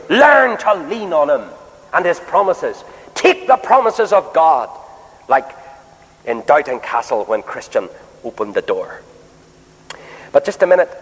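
A man preaching a sermon emphatically, often asking his listeners rhetorical questions. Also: fairly high pitch. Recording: long hall reverb.

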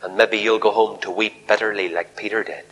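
A man preaching a fiery revival sermon in a large church hall, swinging from shouted appeals to hushed near-whispers. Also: fairly low pitch, fairly even intonation, a little fast.

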